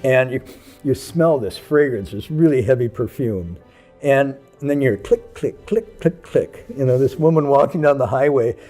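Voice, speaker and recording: A man's voice: mid-range voice, moderate pace, soft background music. A man who is a Buddhist monk, telling stories about his teacher and acting out the people in them. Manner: animated, acts out the people in his story. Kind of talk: anecdotal storytelling.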